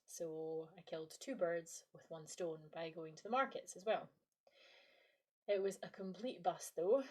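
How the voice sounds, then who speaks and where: A Scottish woman in her late twenties or thirties hosts a reflective podcast monologue. Her voice sits a little low, and she talks in a playful, self-deprecating way, as if chatting with the listener. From Scottish Highlands. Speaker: podcast host and lecturer.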